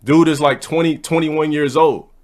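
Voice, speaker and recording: A young man telling a casual story and ranting bluntly, with plenty of profanity and a brash, hurried delivery. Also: on the high side, steady tone, darkish tone. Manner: blunt, profane, brash, speeds up mid-thought. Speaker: streamer.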